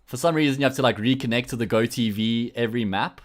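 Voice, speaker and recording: A man's voice: medium pitch, fast talker. A man with a South African accent casting an esports stream on his own, with a jokey, rambling manner, chatting with viewers between matches. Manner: jokey, rambling banter with frequent restarts. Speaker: esports caster. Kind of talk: solo livestream commentary, chatting with viewers.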